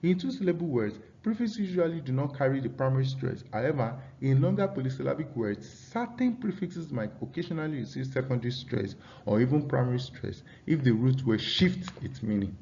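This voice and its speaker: A man with a Nigerian English accent leads a pronunciation class at a mid pitch. He reads rules aloud and says each example word slowly several times, checking that his students follow. The recording sounds a little dull and lo-fi. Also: lively intonation, vocal fry, mellow, a little hiss or hum. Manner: reads from slides, drills example words slowly; asks students questions. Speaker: English teacher. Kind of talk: classroom lesson.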